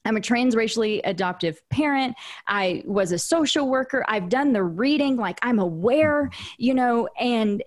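A woman's voice: on the high side, lively intonation, moderate pace. Reflective woman hosting a faith podcast. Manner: reflective, frequent restarts and fillers. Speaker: podcast host. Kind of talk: casual interview conversation.

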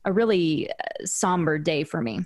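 A woman's voice: low-pitched, normal speed, a little mellow. A woman hosting an interview podcast, talking things through in a casual, reflective way with frequent restarts and fillers. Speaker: podcast host.

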